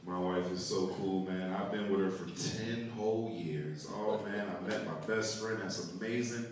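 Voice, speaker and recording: A young man performing a stand-up comedy set on a theater stage, telling animated stories and acting out quotes. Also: low-pitched, moderate pace. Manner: animated storytelling with acted-out quotes. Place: theater stage before a live audience. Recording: echoey theater, mic heard from far off. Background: audience room noise.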